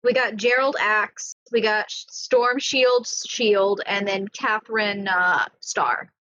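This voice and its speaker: Slow-talking woman player, dull lo-fi sound. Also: mid-range voice, pushed and bright. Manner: eager, chiming in. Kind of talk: casual tabletop play.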